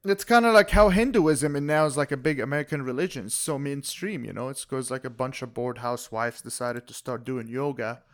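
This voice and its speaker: A man's voice: medium pitch, brisk, few pauses. A man co-hosting a podcast, sarcastic and profane, mocking things in casual banter. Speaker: podcast co-host.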